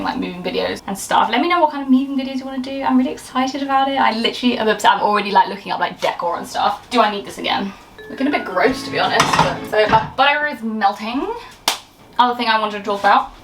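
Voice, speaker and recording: Filmed by a camera set to one side, a young Englishwoman in her twenties who makes lifestyle videos on YouTube bakes at home and talks casually, wandering off topic and cutting herself off. Her voice runs on the high side against a noisy background.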